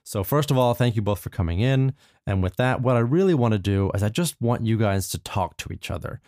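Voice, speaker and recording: A man with a lowish voice, speaking as an earnest therapist who rambles and repeats himself. The sound is dry and close, with no room around it. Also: expressive, a little fast, a little mellow, no echo. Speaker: therapist in a comedy sketch. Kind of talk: improvised comedy scene.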